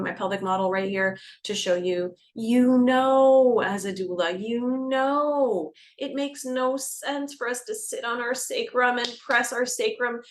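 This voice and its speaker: A woman doula explaining birth practice to camera, lively and expressive, acting out scenes and dropping into a soft calm voice. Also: medium pitch. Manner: animated, acts out scenes with gasps and shifts to a soft calming voice. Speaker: doula educator. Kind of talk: educational talk to camera.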